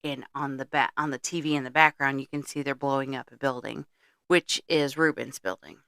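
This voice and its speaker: A woman's voice: a bass voice, fairly quick, creaky, fairly bright tone, clean tone, no echo, studio quality. A middle-aged woman co-hosting a podcast, recapping a movie's plot in blunt casual chat and swearing freely. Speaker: podcast co-host.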